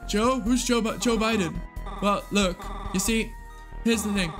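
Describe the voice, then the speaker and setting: An excitable streamer chatting through a game, quick to laugh and swear. Faint music plays under the voice. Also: medium pitch. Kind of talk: live game streaming chat.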